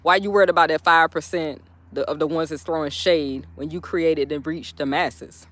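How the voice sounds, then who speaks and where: A woman motivational speaker, talking outdoors in an animated, laughing vlog pep talk. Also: sits low, normal speed. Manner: animated, laughing often, talking straight to viewers. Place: outdoors, birds in background.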